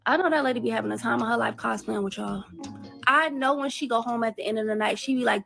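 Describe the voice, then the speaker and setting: A woman's voice: fairly high pitch, fast, vocal fry, pushed and bright. A woman panelist giving sarcastic, mocking commentary in casual speech.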